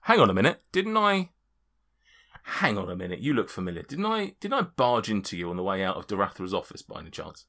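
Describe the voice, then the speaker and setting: A man's voice: fairly low pitch, huge pitch swings, a little fast, sharp tone, full character voice. A man doing a tongue-tied middle-aged farmer. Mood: friendly. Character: plain middle-aged male farmer, flustered.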